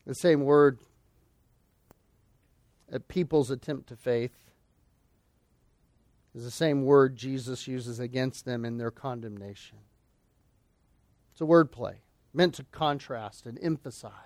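A man's voice: mid-range voice, slow, long pauses, a little mellow, no room sound. A male pastor preaching an expository sermon, emphatic and full of rhetorical questions.

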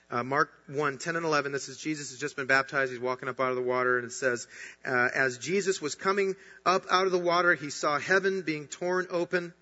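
A man preaching an earnest, emphatic sermon as a pastor. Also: mid-range voice. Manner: earnest, emphatic preaching with rising bursts of excitement. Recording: dull sound with long hall reverb.

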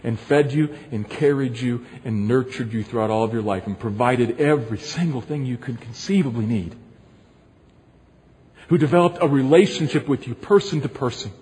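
A man's voice: mid-range voice, moderate pace, a little mellow, husky, pitched below the performer's own voice. A man voicing God as a loving father who asks rhetorical questions, in a long echoing hall. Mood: tender. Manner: rhetorical questions, pleading and insistent.

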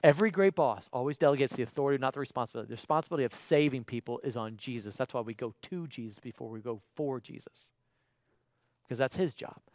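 A man delivering a livestreamed sermon in a mid-range voice, talking to listeners like a friend before dropping into a low, earnest plea. The sound is dry and close, with no room around it. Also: quick pace, no room sound. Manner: conversational and emphatic, swinging between loud exclamations and quiet pleading. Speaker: preacher.

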